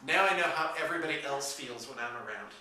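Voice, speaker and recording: A man's voice: mid-range voice, expressive, fast talker, very noisy. A man hosting a casual morning show, chatting with playful, theatrical outbursts. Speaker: host. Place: room with whiteboard, indoors. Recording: echoey room from far off.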